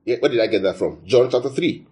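A man's voice: medium pitch, fast talker. A man from Nigeria preaching a sermon, repeating phrases and quizzing his listeners. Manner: lively, asks the audience questions, repeats phrases.

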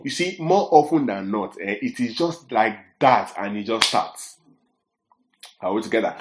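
Emphatic preacher in echoey room. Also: male voice, fairly low pitch, lively intonation, normal speed, background noise. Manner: emphatic, checks in with listeners often. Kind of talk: teaching sermon.

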